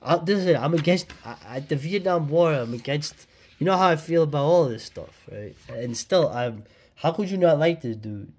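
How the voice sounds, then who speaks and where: Reviewing an old comic book on his casual vlog, a man chats excitedly in slang and laughs often. His voice is on the high side with a breathy edge, and he speaks at a moderate pace.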